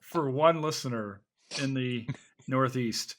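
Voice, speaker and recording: A man's voice: medium pitch, takes it slowly, background noise. A man hosting a podcast, asking questions in a playful, joking way. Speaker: podcast host. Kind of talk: casual interview.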